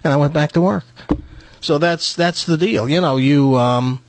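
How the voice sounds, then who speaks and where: A man's voice: fairly high pitch, normal speed. A man from Tennessee hosting a radio talk show, telling a personal story and acting out the voices in it. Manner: animated storyteller acting out quoted dialogue. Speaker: radio host.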